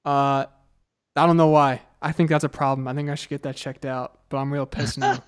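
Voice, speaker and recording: A man's voice: medium pitch, little pitch movement, fairly quick, clean tone. A tipsy man hosting a late-night livestream, chatting casually and joking. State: tipsy from wine. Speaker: channel host.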